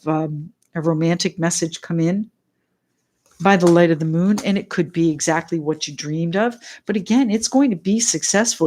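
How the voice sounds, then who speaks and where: Excitable chatty woman reading tarot. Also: mid-range voice. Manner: excitable, chatty, greets viewers by name. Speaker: tarot reader.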